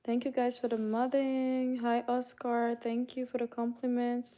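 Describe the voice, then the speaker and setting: Fairly high-pitched yet dark in tone, this woman speaks in an unhurried, completely flat delivery. She's a Canadian livestream host having a casual chat, calling viewers by name and reading their messages aloud.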